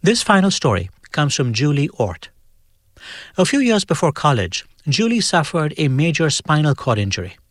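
A man hosting a podcast, reading a scripted introduction and credits in a measured storytelling way. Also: on the high side, big pitch swings, no room sound, studio quality. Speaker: podcast host.

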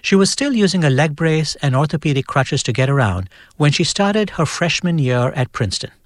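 A man hosting a podcast, reading a scripted introduction and credits in a measured storytelling way. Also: fairly high pitch, animated, no echo, clean studio sound. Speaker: podcast host.

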